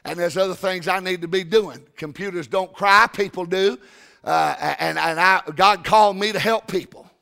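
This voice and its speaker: An older man preaching a sermon, telling stories and often breaking into shouts. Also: sits high, normal speed, gravelly. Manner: folksy, shouting and storytelling.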